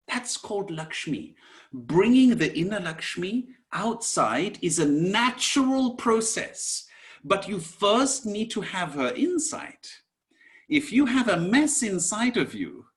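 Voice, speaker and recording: Soft whispers now and then mark this male Sanskrit teacher's slow, gentle online lesson. His voice sits high, and he refers to his listeners as "my dears."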